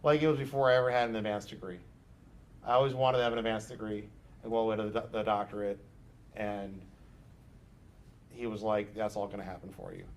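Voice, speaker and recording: A man's voice: on the low side, fairly even intonation, a little fast, pauses often. A man teaching a psychology class, talking loosely and conversationally and hedging with frequent fillers. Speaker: psychology instructor. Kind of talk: casual classroom discussion.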